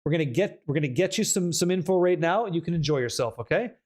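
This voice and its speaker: A man's voice: on the high side, expressive, fast, darkish tone. A young man hosting a live stream, reading chat aloud and joking in a casual, hyped way with some swearing. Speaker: streamer host.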